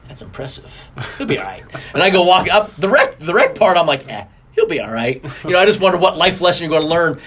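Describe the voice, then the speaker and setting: Animated, high-pitched male racing guest. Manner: animated, acts out quotes with big pitch jumps. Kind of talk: casual interview storytelling.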